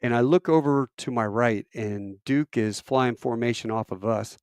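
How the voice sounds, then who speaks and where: A middle-aged man, a military veteran, telling a long personal story in a casual, animated way, with self-deprecating asides and rambling fillers. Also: moderate pace, clear, resonant tone, dry recording, clean studio sound. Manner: animated, acts out quoted voices with big pitch jumps.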